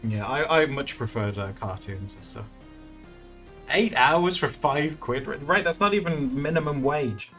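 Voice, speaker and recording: A man's voice: medium pitch, expressive, a little slow, fairly bright tone, soft background music. A man chatting casually while streaming his art, rambling and laughing often. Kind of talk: casual live-stream chat.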